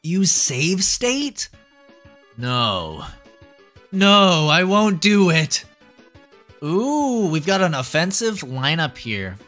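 A young man giving excitable live commentary as a streamer, yelping and groaning at the game. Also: on the high side, takes it slowly, faint music behind. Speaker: VTuber streamer.

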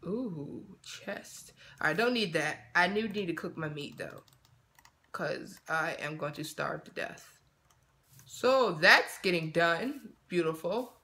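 A man giving casual let's-play commentary, talking to himself in a chatty way with quick excited outbursts. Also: on the high side, a little hiss or hum. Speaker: gaming channel host.

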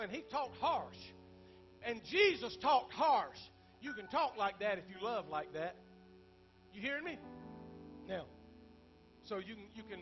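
Middle-aged preacher guy, really high voice, loud then quiet, muffled lo-fi church recording. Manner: fervent preaching, swinging between loud bursts and quiet asides, rhetorical "Huh?". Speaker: senior pastor and bishop. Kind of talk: sermon. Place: church sanctuary. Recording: dull lo-fi sermon recording.

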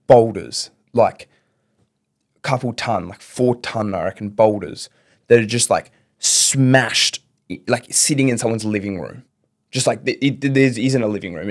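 A young man telling a long story as a podcast guest, rambling through fillers and restarts. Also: mid-range voice. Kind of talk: casual storytelling.

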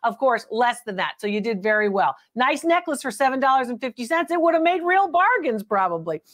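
Fairly high-pitched and very animated, this woman talks a little fast with a somewhat bright tone. As host of a live antiques appraisal stream, she banters with callers, teasing them, calling them honey, and laughing often.

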